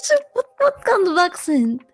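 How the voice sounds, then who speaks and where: A woman's voice: very high voice, big pitch swings, moderate pace, crowd noise. A woman guest in a casual interview, giggly and hesitant, repeating words as she searches for them.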